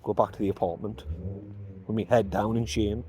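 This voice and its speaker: A man with a mellow, soft-edged voice talks casually into a handheld phone while out walking. He rambles, mutters to himself and jokes at his own expense, with faint noise around him. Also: lowish voice, steady tone, normal speed. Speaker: vlogger. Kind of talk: casual vlog talk to camera. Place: outdoors by mailboxes, walking around.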